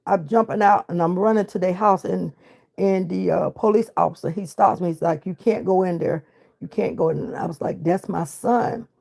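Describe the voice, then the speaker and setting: A woman's voice: lowish voice, fairly quick, gravelly, a little mellow. A middle-aged woman, telling her own story of loss with emotion and reenacted dialogue. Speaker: grieving mother. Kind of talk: personal storytelling.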